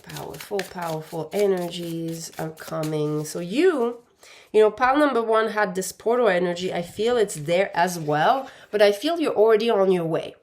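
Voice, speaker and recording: A woman's voice: lowish voice, moderate pace, darkish tone. A woman giving an intuitive pick-a-pile tarot reading, speaking in a meandering way and calling her viewers "my dear". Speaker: tarot card reader.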